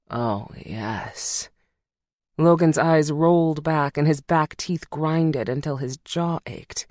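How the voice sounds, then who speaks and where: Brief: slow, hushed romance narrator, mid-pitched, dry close studio sound. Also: no room sound. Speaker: audiobook narrator.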